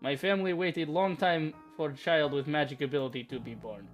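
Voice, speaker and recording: A man voicing a brooding, self-doubting young male mage in a put-on Russian accent, speaking in formal, halting phrases. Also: on the high side, soft background music, voice pushed down, close to an everyday voice. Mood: dejected.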